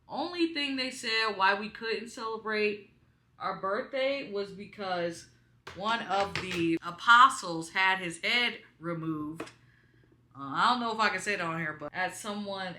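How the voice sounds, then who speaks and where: A young woman with a bright, crisp voice chats to her viewers while doing her makeup, wandering off into lively asides. She sits in a small room at home by a window, talking toward her camera, and the bare walls give her voice a roomy ring. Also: medium pitch, unhurried. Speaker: beauty vlogger. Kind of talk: casual storytime chat while doing makeup. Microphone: camera in front of her.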